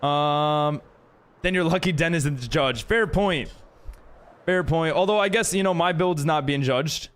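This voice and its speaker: A man's voice: a little high, normal speed, a bit bright, clear, resonant tone. A man streaming a game live, chatting casually with viewers and friends and reading chat aloud, laughing often.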